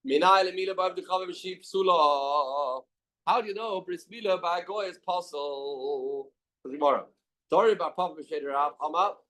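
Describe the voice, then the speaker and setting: A man's voice: a little high, a bit bright. A man teaching a Talmud class in a study hall, reading out the text and then explaining it plainly with many questions.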